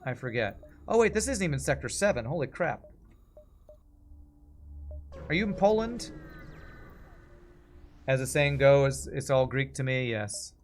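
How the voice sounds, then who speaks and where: A man in his forties from Texas streams games, speaking with an American accent in a medium-pitched, sing-song voice that's unhurried and broken by long pauses. He's chatty, rambles through casual commentary, and reads chat aloud; slight background noise and faint game music are audible.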